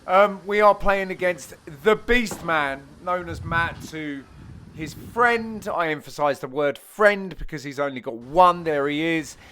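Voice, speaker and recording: A young man, the host, giving cheeky, self-mocking voice-over commentary on highlights of his own amateur match. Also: unhurried, few pauses, bright, forceful tone, slight background noise. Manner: cheeky, self-mocking banter with frequent laughs.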